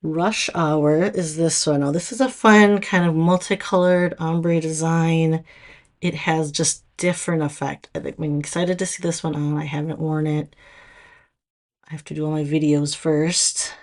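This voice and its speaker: A woman with a Minnesota accent talks through a product showcase in a loose, chatty way, often stopping to restart her sentences. Her voice sits low, and she takes her time. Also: steady tone, unhurried. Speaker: nail product stylist.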